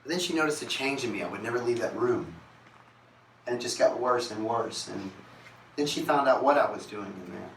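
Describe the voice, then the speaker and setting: A man's voice: medium pitch, lively intonation, fairly quick, gravelly, fairly bright tone, a little hiss or hum. A man, a singer, telling a candid and confessional story on a concert stage, recorded in an echoey venue from a distant mic.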